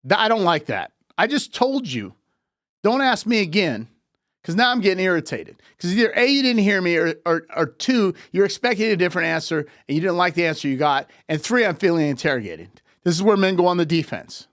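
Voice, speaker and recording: A man's voice: high voice, very animated, a little fast, fairly bright tone, no echo, studio quality. Emphatic man giving relationship advice. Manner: emphatic, repetitive lecturing. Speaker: relationship coach and host. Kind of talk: live relationship advice talk.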